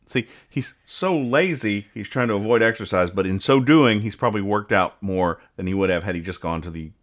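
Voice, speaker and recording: A man's voice: lowish voice, brisk. A man hosting a casual podcast, reading comic strips aloud and explaining the jokes in a dry, mock-serious way. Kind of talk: casual chat.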